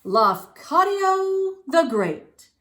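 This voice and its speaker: A woman voicing a grand male circus ringmaster who announces in a loud, drawn-out sing-song. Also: extremely high pitch, sing-song, voice pushed up, full character voice. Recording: roomy echo.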